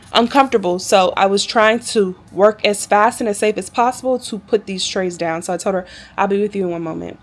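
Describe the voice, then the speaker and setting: A woman in a casual vlog, recounting a day at work as a flight attendant. She talks in a chatty, animated way, with exasperated asides to her viewers, at a middle pitch.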